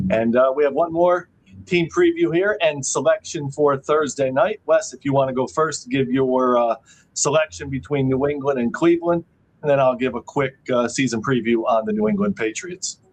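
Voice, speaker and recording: A man co-hosting a sports betting show, giving picks in a steady, matter-of-fact way. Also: mid-range voice, rough recording. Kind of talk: casual betting talk.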